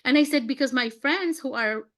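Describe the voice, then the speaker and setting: A woman in her fifties, an education coach, talking casually and warmly about her passion on a video call, with frequent laughs and fillers. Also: high voice, moderate pace. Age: 50s. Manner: chatty, laughing, lots of fillers and acted-out dialogue. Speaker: education coach running mock interviews.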